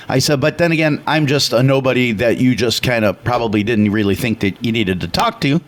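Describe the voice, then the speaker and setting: A man from Chicago co-hosting a radio talk show, telling a story loudly and animatedly, with acted voices. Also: mid-range voice, fairly quick, few pauses. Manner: loud and animated; passionate, retells dialogue with acted voices. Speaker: radio co-host.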